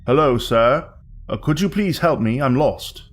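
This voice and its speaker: Narrator voicing an old vagabond: courteous, gruff, exhausted. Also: male voice, medium pitch, lively intonation, unhurried. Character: weary old wandering vagabond with a staff.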